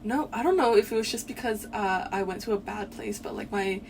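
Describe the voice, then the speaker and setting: A woman's voice: medium pitch, a little fast. Easygoing young woman, distant and noisy. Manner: easygoing, teasing, swears casually. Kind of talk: casual chat. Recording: noisy, set back from the mic.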